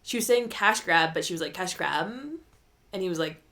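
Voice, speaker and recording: A woman's voice: lowish voice, fast talker, crowd noise. A young woman with a Californian Valley Girl accent co-hosting a podcast, chatting casually with lots of "like" and frequent laughs. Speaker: podcast co-host. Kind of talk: casual chat.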